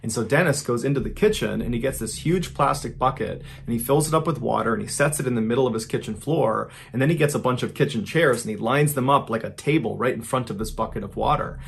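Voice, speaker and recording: A man's voice: medium pitch, vocal fry, slight background noise. A man hosting a podcast, telling a true-crime story in a casual, conversational way that builds suspense. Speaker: podcast host.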